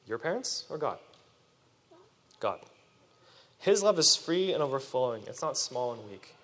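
Youth preacher, male, energetic sermon to children, lots of pitch movement, reverberant hall. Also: a little slow. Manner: animated, questions the audience.

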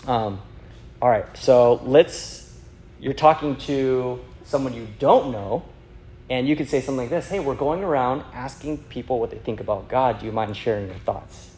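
A man's voice: mid-range voice, normal speed, darkish tone, slight background noise. A man giving a chatty teaching talk on sharing faith, full of fillers and acted-out quotes from a personal story. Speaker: youth evangelism speaker.

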